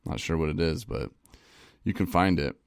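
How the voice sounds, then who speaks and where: A man in a casual live-stream monologue, halting and repeating words, laughing at himself, and getting choked up. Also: sits low, vocal fry, smooth, no room sound, studio quality. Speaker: recovery vlogger. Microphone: phone.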